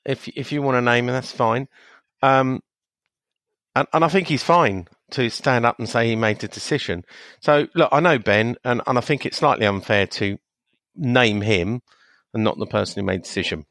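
A man co-hosting a casual podcast, explaining his view in a measured way with frequent restarts. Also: mid-range voice, fairly bright tone, no room sound. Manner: measured, hesitant, many restarts and fillers. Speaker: podcast co-host. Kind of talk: casual chat.

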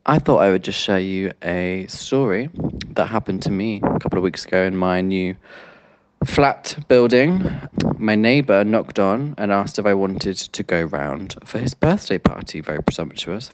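A man's voice: on the low side, a little hiss or hum. A man leaving a voice message for a podcast, telling a story in a dry, camp manner. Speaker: caller.

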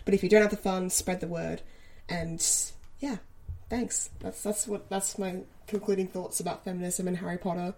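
A woman's voice: on the low side, a little mellow. Earnest woman podcast co-host. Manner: earnest, laughs often, swears casually. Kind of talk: casual podcast chat.

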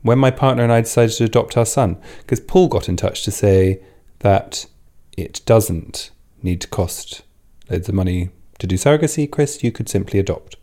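A man's voice: on the low side, moderate pace, warm tone. A man co-hosting a podcast, chatting in a playful, teasing way. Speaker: podcast co-host. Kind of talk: casual chat.

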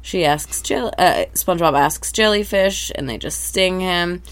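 This woman co-hosts a podcast, and her voice sits on the low side with a slightly unhurried delivery. In a relaxed recap conversation, she retells a cartoon episode with animation, performing the characters' dialogue.

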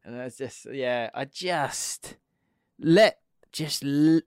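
A young man co-hosting a casual football podcast, animated and exasperated, laughing often as he talks. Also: mid-range voice, extremely slow, smooth, no room sound, studio quality. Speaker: podcast co-host.

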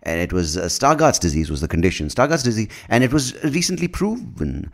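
A man's voice: on the low side, big pitch swings, a little fast, vocal fry. A man hosting his own podcast in a casual, rambling monologue, self-mocking, swearing freely and tripping over his words. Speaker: podcast host.

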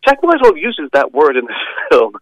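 A man's voice: a little high, fairly quick, no echo. Chatty man on a dull phone line. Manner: chatty, hesitant with many restarts, lively emphasis. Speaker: film reviewer. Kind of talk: phone-in film review.

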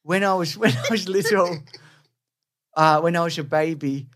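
An odd little schoolboy , played by a man, speaks haltingly and earnestly, his voice pitched a little above the man's own. The telling stays plain, a quick bit of mimicry within a chat. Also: fairly bright tone, natural voice. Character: odd young schoolboy telling a dark tale.

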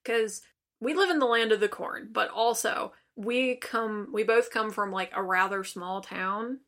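A young woman co-hosting a casual podcast, musing in relaxed, rambling asides. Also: medium pitch, a little slow. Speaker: podcast co-host. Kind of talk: casual chat.

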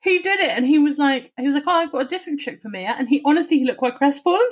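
A woman telling an animated story in casual chat, swearing and laughing as she goes. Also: sits high, racing, hardly any pauses.

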